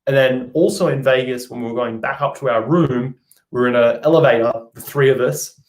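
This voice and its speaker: A young Australian vlogger with a mid-range voice talks briskly on a live stream. He chats casually, reading out viewer comments and responding to them.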